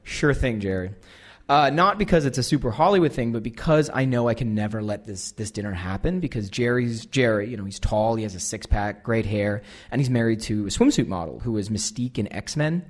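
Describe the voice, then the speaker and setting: An American man in his thirties tells a funny story about himself at a mid-range pitch. He is lively and pokes fun at himself, and he slips into the voices of the people in the story as he goes. It is relaxed stage storytelling for a live crowd. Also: fairly quick, few pauses. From United States. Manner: animated, self-deprecating, acts out the dialogue. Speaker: guest speaker. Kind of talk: comic storytelling to a live audience.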